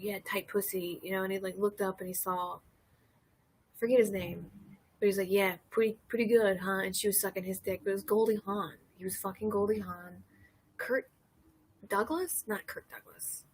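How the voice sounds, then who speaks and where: Breathy woman, thirties, loose chatty livestream host, giggly storyteller. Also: mid-range voice, moderate pace. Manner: rambling, laughing storyteller reading chat. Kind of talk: casual drinking livestream chat.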